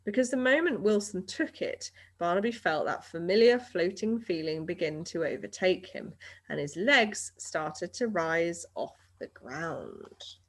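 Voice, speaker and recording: A woman reading a children's novel aloud, steady and expressive. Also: lowish voice, unhurried. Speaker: reader.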